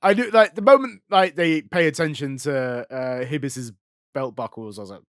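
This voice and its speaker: A young man co-hosting a podcast in casual chat, laughing often and dropping into low mumbles to act out quotes. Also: normal speed, smooth, no room sound, clean studio sound. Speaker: podcast co-host.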